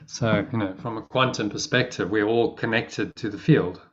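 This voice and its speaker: Calm, low-voiced male spiritual teacher. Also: a little hiss or hum. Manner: calm, measured, explanatory, murmurs assent. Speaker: spiritual teacher leading the discussion. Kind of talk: spiritual discussion. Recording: muffled lo-fi audio.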